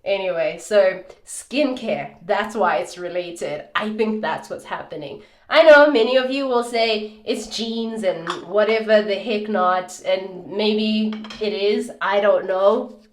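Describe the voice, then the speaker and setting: A woman in her thirties chatting casually at home as a beauty vlogger, telling stories in an animated, laughing, dramatic way. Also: medium pitch, takes it slowly. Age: 30s. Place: indoors at home. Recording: roomy echo.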